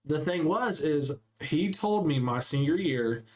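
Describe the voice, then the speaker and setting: Young man telling animated stories. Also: fairly high pitch, measured pace. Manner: animated storyteller acting out quotes. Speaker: podcast co-host. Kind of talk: casual chat.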